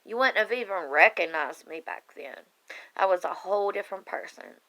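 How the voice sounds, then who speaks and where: A woman's voice: medium pitch, animated, moderate pace, bright, forceful tone. A woman speaking earnestly and emotionally to her online group on camera, rambling a little as she talks straight to her viewers. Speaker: online group member sharing her life story. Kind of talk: casual heartfelt live video talk.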